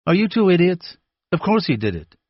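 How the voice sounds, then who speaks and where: Mocking teenage boy suspect, put on by a male audiobook reader, higher than his own voice, dull dry sound. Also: big pitch swings, a little fast, no room sound. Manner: sneering, mocking.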